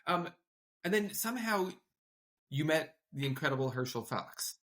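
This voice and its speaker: A man's voice: on the high side, expressive, moderate pace, a bit bright. A man hosting an interview as a rabbi, reflecting on the story with enthusiasm. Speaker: host rabbi. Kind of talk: interview chat.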